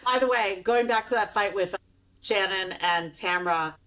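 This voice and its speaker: A woman's voice: mid-range voice, a little slow, fairly bright tone. A woman co-hosting a podcast, passing on gossip she heard in casual chat and agreeing often. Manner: relays news, lots of agreeing yeahs. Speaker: podcast co-host.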